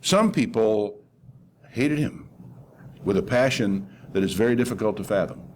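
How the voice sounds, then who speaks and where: An older man delivers a sermon in an easy, conversational way and swings his pitch widely as he retells the story. He acts out the quoted voices with animation. A faint hiss sits under the recording. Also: expressive, moderate pace. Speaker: preacher.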